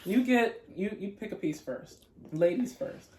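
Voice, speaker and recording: A playful mukbang host chats casually between bites, describing each taste in detail and talking straight to the viewers. The voice sits at an ordinary middle pitch. The room around it rings noticeably. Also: lively intonation, unhurried, crowd noise. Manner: playful and chatty, addresses viewers as y'all. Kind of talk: casual chat while eating. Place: home room with dogs nearby. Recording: echoey room.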